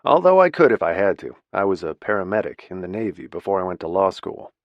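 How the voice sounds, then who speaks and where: A man's voice: sits low, very animated, fast talker, no room sound, muffled recording. A man voicing a male lawyer who talks in a firm, reassuring way. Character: male lawyer, calm gallant rescuer.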